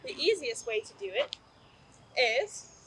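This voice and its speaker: Woman dog trainer, high lively voice, upbeat instructional delivery, faint outdoor noise. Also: unhurried, vocal fry, rough recording. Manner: upbeat, explanatory, bursts into excited praise for the dog. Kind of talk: instructional video.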